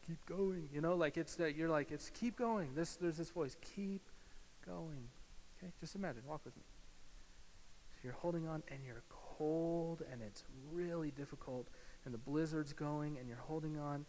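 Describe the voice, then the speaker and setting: A male pastor preaching a sermon, swinging from loud emphasis to hushed, slow guided imagery. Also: fairly high pitch, steady tone. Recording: hall reverb with faint hiss.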